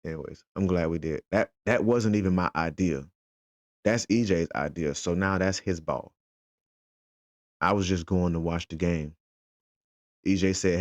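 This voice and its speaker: A man's voice: sits low, a little slow, long pauses, dry recording. A father, casually retelling his day as a fan and acting out the conversations he had. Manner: animated, retells conversations in quotes. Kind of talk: casual storytelling vlog.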